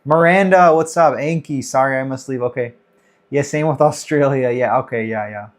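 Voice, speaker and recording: A man's voice: medium pitch, normal speed. Guy hosting a live q&a, loose chatty talk, greets chat names, mid voice. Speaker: livestream host. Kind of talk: casual livestream Q&A.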